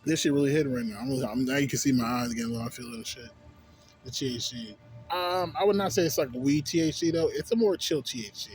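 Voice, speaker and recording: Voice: mid-range voice, fast talker, darkish tone, soft background music. A young adult man vlogging in a loose, rambling way, swearing constantly and checking in with "you know what I'm saying". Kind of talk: casual rambling monologue.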